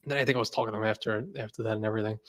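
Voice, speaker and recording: A man's voice: lowish voice, steady tone, very fast, a bit bright. A young man hosting a casual livestream, who rambles, laughs often and leans on "like" fillers. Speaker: host.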